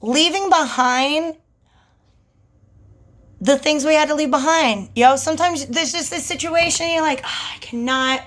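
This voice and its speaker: A woman giving a casual tarot reading in a chatty, slangy, animated way. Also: high-pitched, measured pace, pauses often. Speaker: tarot reader.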